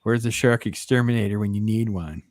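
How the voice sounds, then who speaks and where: A man's voice: fairly low pitch, fairly quick, darkish tone, no echo, clean studio sound. A man hosting a casual movie review chat, laughing and incredulous. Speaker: podcast host.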